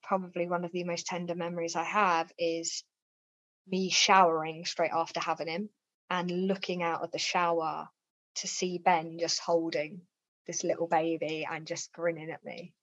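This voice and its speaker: A woman speaks as a podcast guest, telling her story with lively quoted dialogue. Her voice sits on the low side. The sound is dry and a little muffled. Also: moderate pace, no echo. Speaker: interview guest. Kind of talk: personal storytelling in a podcast interview. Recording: slightly dull, dry lo-fi sound.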